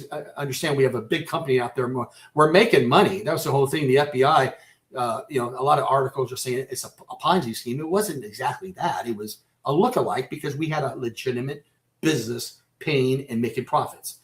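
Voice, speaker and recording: Halting, emotional male radio guest. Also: mid-range voice. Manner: halting, repeats and restarts phrases; emotional, close to breaking down. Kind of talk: personal storytelling in a radio interview.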